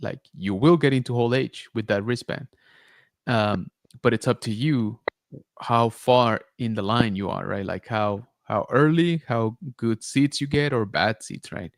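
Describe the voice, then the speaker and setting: Man podcast host, mid pitch, loose storytelling, dead dry close mic. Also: a little slow, no echo. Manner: animated retelling, many filler likes and rights. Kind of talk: casual storytelling chat.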